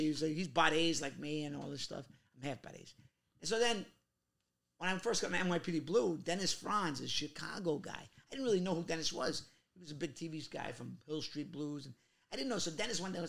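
A middle-aged man from Queens, telling animated stories in a casual interview and acting out other people's voices. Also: on the high side, fast talker, gravelly. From Queens, New York. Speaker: guest actor.

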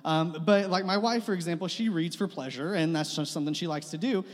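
In a church sanctuary with long hall reverb, a young pastor preaches in a chatty style, poking fun at himself and repeating phrases. His voice sits a little high and runs a little fast.

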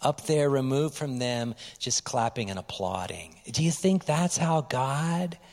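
A male pastor giving a lively, conversational sermon, often dropping to quiet asides. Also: mid-range voice, measured pace, big-room sound.

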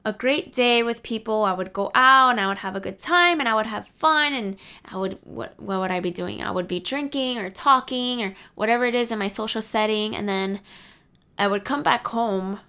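Young woman vlogging, smooth clear voice, mid pitch, real candid and a bit sweary. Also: normal speed, pushed and bright. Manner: candid, confiding, swears freely. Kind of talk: casual advice vlog.

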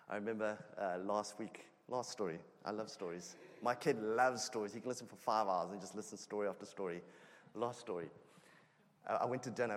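A man preaching a sermon in a conversational way, growing animated as he tells a personal story. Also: on the low side. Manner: conversational, animated when telling stories. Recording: long hall reverb.

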